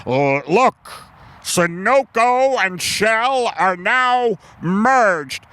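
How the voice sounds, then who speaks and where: A man's voice: high-pitched, lively intonation, drawn-out words, sharp tone, pitched above the performer's own voice, exaggerated voice. Man doing a cursing, frantic oil company boss. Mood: frantic greed. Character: swearing greedy male oil company boss.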